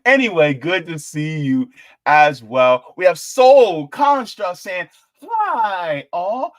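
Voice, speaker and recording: A man hosting a live-stream politics show, chatting casually, animated and jokey as he reads out the chat. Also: fairly high pitch, unhurried.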